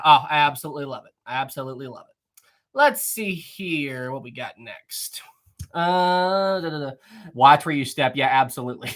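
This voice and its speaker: A live stream host chatting casually with viewers and reading out chat messages, excitable and rambling, with frequent laughter. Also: medium pitch.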